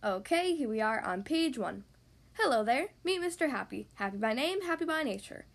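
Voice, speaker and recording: A woman reads a picture book aloud to young children in a high voice. Her storytelling is gentle and expressive. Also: moderate pace, gravelly. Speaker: podcast host reading to kids.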